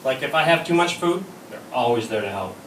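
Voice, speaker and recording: A man's voice: mid-range voice, lively intonation, a little fast. A man performing a stand-up comedy set, telling bawdy stories and acting out the quoted lines. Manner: bawdy, storytelling with acted-out quotes. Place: comedy club stage. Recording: echoey room, from far off, noisy.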